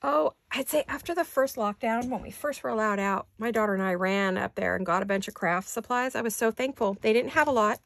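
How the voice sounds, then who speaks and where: A woman's voice: on the high side, brisk, vocal fry, few pauses, a bit bright, no echo. A middle-aged woman chatting casually as she crafts, thinking aloud and laughing often. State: hiccuping. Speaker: craft vlogger. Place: home craft studio.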